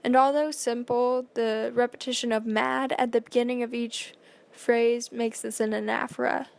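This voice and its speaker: A woman with a slightly high voice reads a school presentation aloud. She goes carefully, stumbling now and then and filling gaps with small fillers. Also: steady tone, normal speed, vocal fry.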